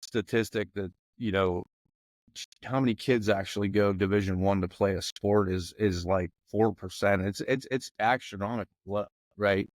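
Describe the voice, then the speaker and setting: A man in his forties, from the McKeesport area in Pennsylvania, chatting as a podcast guest. His voice sits a little low and sounds dry and close, with no room around it. He rambles loosely and leans on "you know what I mean.". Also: steady tone, moderate pace, no echo. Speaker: podcast guest, former football player. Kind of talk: casual podcast conversation.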